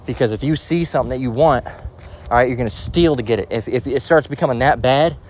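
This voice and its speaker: A man teaching from the Bible in a casual way, out of breath as he walks outdoors and slowing down to read verses aloud. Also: medium pitch, slight background noise, rough recording. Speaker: preacher. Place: outdoors, walking near traffic.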